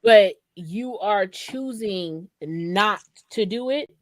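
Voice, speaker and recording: A woman co-hosting a casual chat show, animated and fond of acting out quoted voices. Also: mid-range voice, slow, no echo. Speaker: podcast co-host.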